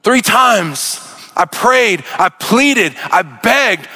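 A man's voice: sits high, big pitch swings, a little slow, sharp tone. A man preaching a sermon as pastor, impassioned, often repeating words and restarting mid-phrase.

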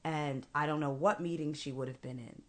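A middle-aged woman telling a personal family story in conversation, earnest and measured, slowing down for emphasis. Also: deep voice, fairly even intonation. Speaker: guest.

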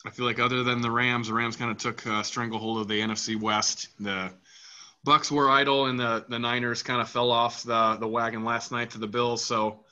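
A man hosting a casual sports podcast, rambling with lots of fillers and getting animated about the games. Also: mid-range voice, moderate pace, lo-fi sound. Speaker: podcast host.

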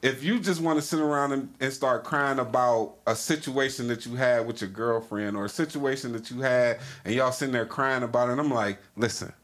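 A man's voice: medium pitch, a little fast, hardly any pauses, fairly bright tone. Podcast host, man, AAVE slang, candid, rambling, casual chat.

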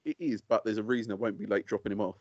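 A British man co-hosting a podcast, telling stories in a casual chat, animated and laughing often. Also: on the low side, very fast, no echo. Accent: British English. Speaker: podcast co-host. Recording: dull lo-fi sound.

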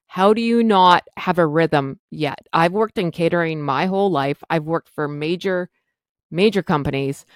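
Candid, exasperated low-voiced woman. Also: dry recording. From Canada. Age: middle-aged. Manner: candid, self-deprecating, exasperated. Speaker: podcast host. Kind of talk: personal storytelling monologue.

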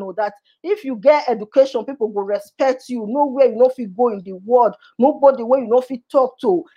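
A woman's voice: sits high, warm tone, dull audio. A woman from Nigeria speaking with a Nigerian Pidgin accent, telling her life story in an interview in an emotional way and repeating words for emphasis. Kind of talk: personal life story in conversation.

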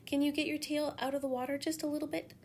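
A woman voicing a polite, clever young man who speaks brightly and courteously. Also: high voice, little pitch movement, quick pace, slight background noise, voice pushed up, lightly acted. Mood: eager.

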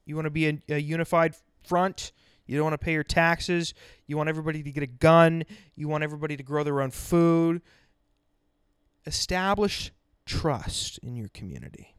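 A man's voice: fairly high pitch, smooth, no echo. A man hosting a podcast, ranting bluntly and sarcastically, swearing constantly. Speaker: podcast host. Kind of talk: profane ranting monologue.

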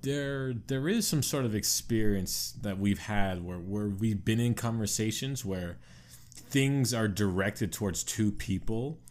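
A man with a fairly low voice talking through an idea on a podcast. He rambles and restarts as he works things out, keeping the tone easygoing and conversational. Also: measured pace, a little mellow. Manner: reflective, rambling explainer with frequent restarts. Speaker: podcast co-host. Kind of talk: casual chat.

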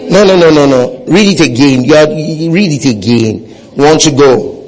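Give me a man with a high voice preaching a sermon, calling out to the congregation and repeating his points. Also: normal speed, darkish tone, low-quality recording. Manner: call-and-response preaching with the congregation; repeats phrases for emphasis. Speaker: pastor.

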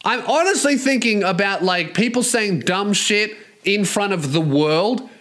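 A man's voice: sits high, unhurried, a bit bright. A man hosting a solo podcast, ranting in a profane, mocking and rambling way. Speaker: podcast host.

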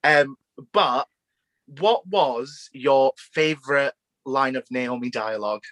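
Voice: mid-range voice, slow pace, fairly bright tone, no echo. A podcast host and eager fan, interviewing a guest informally over a video call.

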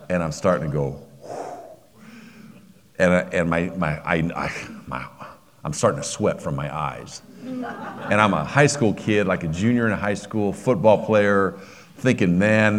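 A middle-aged man preaching a sermon, telling a personal story with emotion and frequent restarts. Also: sits low.

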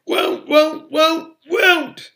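A man voicing a resentful male house elf who croaks and shrieks the same refusal over and over. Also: sits high, lively intonation, a little slow, a bit bright, voice pushed up, heavily acted. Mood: shrieking. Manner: repetitive stubborn chanting.

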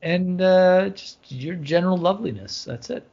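A middle-aged man with a slightly raised, breathy voice rambles through funny stories about his family. He jokes at his own expense in a relaxed podcast chat. The audio is muffled and lo-fi. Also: high-pitched, normal speed. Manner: joking, self-deprecating storyteller. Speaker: podcast co-host. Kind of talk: casual chat.

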